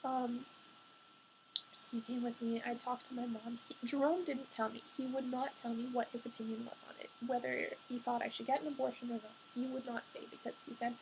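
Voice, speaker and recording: A woman's voice: a little high, level tone, brisk, darkish tone, a little hiss or hum, low-quality recording. A young adult woman telling a personal story in a candid, confessional way, chatty and full of "like" fillers.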